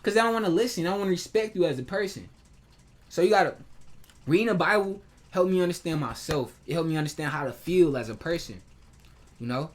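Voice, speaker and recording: In a personal vlog, a man with a fairly high, expressive voice rants fast, heated and hurt. He swears freely and keeps restarting his sentences in this emotional outpouring.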